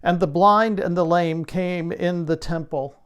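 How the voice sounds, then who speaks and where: A man preaching a sermon, reading scripture and then explaining it with rhetorical questions and lively emphasis. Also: high-pitched, measured pace, smooth.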